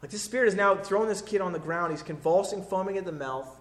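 A man preaching a sermon in an earnest, conversational way, retelling a story with fillers and restarts and dropping soft for quoted pleas. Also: high voice, fast talker.

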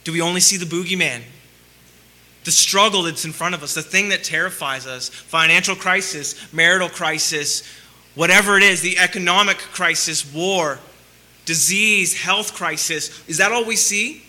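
Bright-voiced man preaching a sermon. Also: sits high, normal speed. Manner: impassioned, rhetorical questions, swings between loud and soft. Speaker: pastor.

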